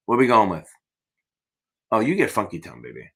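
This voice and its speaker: Hyped-up, profane man with lively pitch. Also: racing, creaky, husky. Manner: profane, rambling, hyped-up cheerleading. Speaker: exam prep tutor hosting a live Q&A. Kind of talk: livestream Q&A chat.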